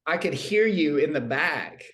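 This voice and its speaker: A man's voice: a little high, expressive, a little slow, fairly bright tone. A man with a slightly raised voice plays it straight as he swaps invented tales with a fellow comedian. His delivery stays dry and matter-of-fact, as though the absurd details were ordinary history. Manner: straight-faced, trades made-up stories. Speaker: comedian co-host. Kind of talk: deadpan improvised comedy chat.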